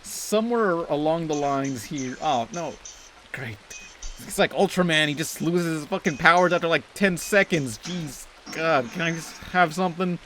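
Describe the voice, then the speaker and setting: A man's voice: a little high, unhurried, fairly bright tone, slight background noise. A young man giving crude, sarcastic, constantly swearing commentary while playing a video game. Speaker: let's play host. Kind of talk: profane gameplay commentary.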